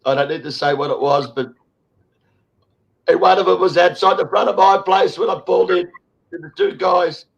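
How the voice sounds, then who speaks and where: A high-voiced Australian man in his sixties talks in an impassioned online chat. He is emotional, swears hard and rambles, restarting his sentences as he goes. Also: fairly even intonation, normal speed, vocal fry, pauses often, lo-fi sound. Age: 60s. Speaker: show host.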